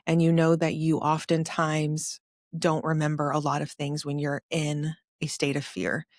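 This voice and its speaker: Woman around forty, podcast host, earnest confessional testimony; low voice, dry close sound. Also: monotone, measured pace, no echo. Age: about 40. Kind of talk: personal testimony storytelling.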